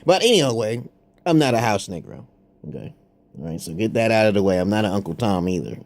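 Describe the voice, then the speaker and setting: A man's voice: on the low side, expressive, fairly quick. A man rambling through a profane, confrontational monologue to his viewers, with frequent "okay?" asides. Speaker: online commentator.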